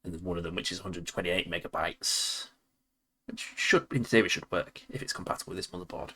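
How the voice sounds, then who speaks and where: Low-pitched, a little fast, and pushed and bright, this game streamer from Leeds speaks with a Yorkshire accent over slight background noise. His casual live commentary on old games rambles along with chuckles and talk to himself while playing.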